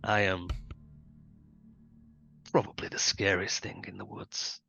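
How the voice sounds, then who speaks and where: A man's voice: sits low, little pitch movement, creaky, bright, forceful tone, slightly rough, highs cut off, soft background music, heavily acted. A man voicing a formal, faintly menacing male stranger met in the woods at night. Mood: ominous. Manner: formal, measured, faintly ominous.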